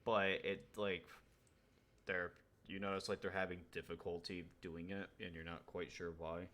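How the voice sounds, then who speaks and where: A man's voice: sits low, flat delivery, moderate pace, fairly bright tone. A young man running a tabletop game as game master, narrating with many hesitant restarts and fillers.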